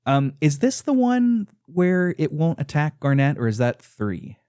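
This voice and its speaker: A man's voice: on the high side, a little slow, clear, resonant tone, no echo, studio quality. A man hosting a podcast, retelling game scenes in a casual chat full of "uh" fillers. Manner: animated retelling, frequent "uh" fillers. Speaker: podcast host.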